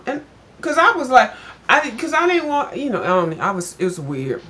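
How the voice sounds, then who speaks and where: A woman's voice: high-pitched, moderate pace. Chatty older woman telling a story. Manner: chatty, addresses viewers as "girl", animated when retelling. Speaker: vlogger. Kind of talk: casual storytelling chat.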